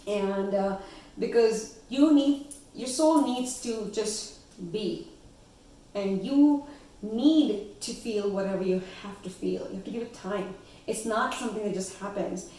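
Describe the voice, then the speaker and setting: A woman's voice: mid-range voice, darkish tone, far from the mic. Woman, chatty spiritual coach, off-mic in a roomy echoey house. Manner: chatty, frequent "okay?" check-ins and laughs. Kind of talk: casual teaching monologue. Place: her house.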